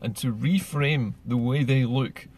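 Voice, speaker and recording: A man's voice: mid-range voice, a little slow, a little mellow. A man, speaking in an earnest, persuasive political monologue full of rhetorical questions. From Scotland. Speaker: political commentator.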